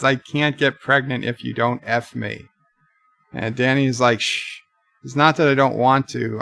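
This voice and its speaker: A man recapping a TV episode live, retelling the dialogue slowly with occasional comments of his own. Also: mid-range voice, creaky, fairly bright tone, dry recording. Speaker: video reviewer. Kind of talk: live watch-along recap.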